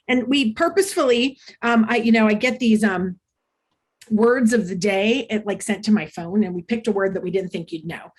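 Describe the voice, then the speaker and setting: A woman presenting an interactive online workshop for teachers, speaking over a video call in an upbeat, chatty way with frequent ums. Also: on the high side. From United States.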